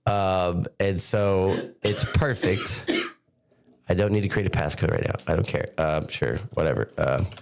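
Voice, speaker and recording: A man with a somewhat low voice co-hosts a casual live-streamed talk show. He rambles loosely and talks himself through what he is doing on screen, with lots of small restarts. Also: measured pace, vocal fry. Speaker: podcast co-host.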